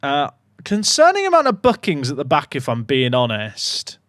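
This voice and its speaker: A young man streaming a football management game, commentating casually with sarcastic, excitable swings. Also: medium pitch, moderate pace, no room sound, clean studio sound. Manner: animated, sarcastic, swings between excitement and mock despair. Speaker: gaming streamer.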